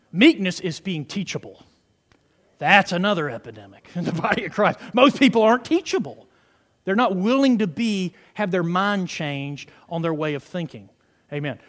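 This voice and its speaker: A man preaching a fervent sermon, peppering his words with hallelujahs and praise God. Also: sits high. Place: church sanctuary. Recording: reverberant hall.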